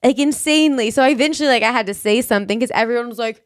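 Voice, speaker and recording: A woman's voice: fairly high pitch, very fast, clear, resonant tone, dry recording, clean studio sound. A woman from Florida co-hosting a comedy podcast in casual chat, chatty and full of fillers. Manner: chatty, uses many fillers like "like". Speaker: podcast co-host and stand-up comic.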